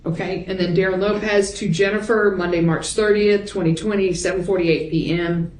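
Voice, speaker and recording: A woman prosecutor reading messages and timestamps aloud into the court record in a measured voice. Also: medium pitch, steady tone. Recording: echoey courtroom audio.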